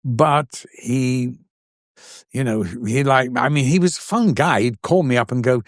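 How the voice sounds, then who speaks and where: An older Englishman recounts stories from his career with lively animation, slipping into the voices of the people he describes. The sound is dry and close, with no room echo. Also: medium pitch, unhurried. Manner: animated, acts out quoted voices in anecdotes. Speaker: actor and guest. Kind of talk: anecdotal storytelling.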